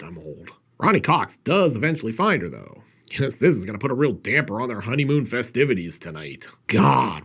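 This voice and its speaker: A man's voice: mid-range voice, breathy edge. A man giving a sarcastic, joke-filled comedic recap of a horror movie as the host of a review show. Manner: sarcastic, wisecracking.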